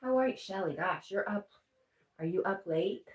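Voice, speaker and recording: This livestream host has a medium-pitched, animated voice and talks at a normal speed. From inside her home she chats with viewers, reads out their comments, and addresses her pet. The audio has a roomy echo from a far-off mic, plus some faint noise.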